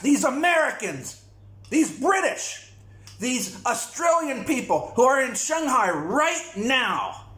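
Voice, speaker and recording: A man's voice: very high-pitched, fairly bright tone. Blunt, profane man in an echoey room. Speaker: vlogger. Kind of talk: monologue rant to camera.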